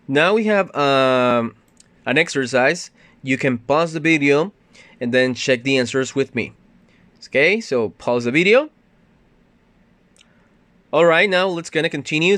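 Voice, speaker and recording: Male ESL teacher, mid pitch, patient walkthrough, dry close mic. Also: a bit bright, dry recording. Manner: patient, explains step by step with fillers. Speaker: English teacher. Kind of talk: recorded grammar lesson.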